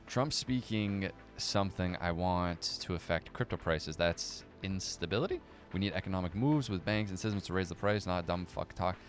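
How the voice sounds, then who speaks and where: A man's voice: low-pitched, moderate pace, faint music behind. A man hosting a casual livestream, reading viewer chat and answering with profane, sarcastic banter.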